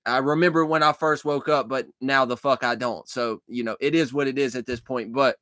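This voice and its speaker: Telling the story of a dream he had, this young man rambles at length, cursing freely, going back over things and starting sentences again. He speaks briskly at a medium pitch with fairly even intonation, and the dry recording sounds a bit bright.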